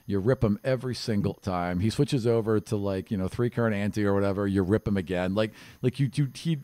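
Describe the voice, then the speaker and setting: A man narrating as game master of a tabletop game, relaxed and conversational. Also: fairly low pitch, brisk, dry recording. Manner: relaxed, conversational, hesitant fillers.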